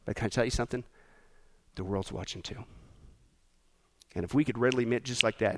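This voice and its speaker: A man preaching a sermon as pastor, animated, acting out rude voices and dropping to quiet emphasis. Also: mid-range voice, fast talker, long pauses, a little hiss or hum.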